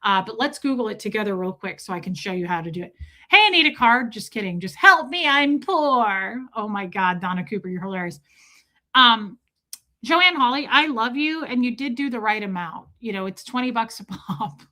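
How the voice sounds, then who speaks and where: A woman with a medium-pitched voice talks briskly as she hosts a casual livestream. Chatty and laughing often, she reads viewer comments and tells stories in an animated way.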